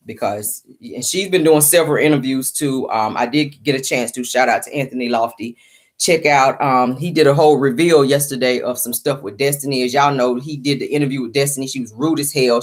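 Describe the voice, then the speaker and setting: A woman hosting a casual celebrity gossip show in a sassy, chatty way, calling her listeners honey and child, still sleepy from just waking up. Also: deep voice. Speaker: host.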